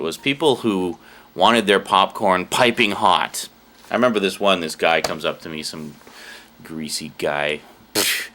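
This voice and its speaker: Animated man telling comic work stories. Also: on the low side. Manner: animated, acts out the people in his stories. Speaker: channel host. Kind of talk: comic storytelling about customer service.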